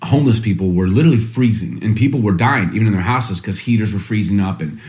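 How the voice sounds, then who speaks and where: A man in his thirties telling a family story in casual chat, animated and expressive, sometimes mimicking his young son. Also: fairly low pitch, fast. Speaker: podcast co-host.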